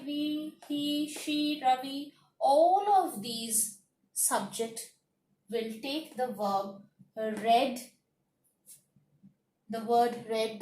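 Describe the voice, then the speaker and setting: A woman teaching a grammar lesson, slowly listing words one by one and repeating her points. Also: fairly high pitch, distant mic, a little hiss or hum. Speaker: English teacher. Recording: echoey room, voice off-mic.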